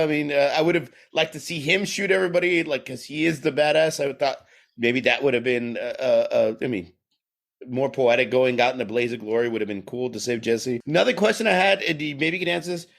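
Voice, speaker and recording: Brief: male podcast co-host, a bit high, gravelly, animated and profane. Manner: profane, animated, laughing while ranting. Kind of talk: casual chat.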